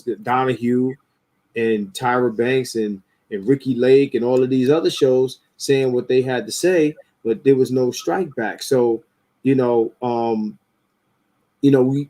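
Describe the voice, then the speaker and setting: A man hosting a podcast, talking casually and profanely, getting animated as he mocks what others say. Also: medium pitch. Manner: animated, profane, rising into mocking quotes. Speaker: podcast host. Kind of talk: casual opinionated talk.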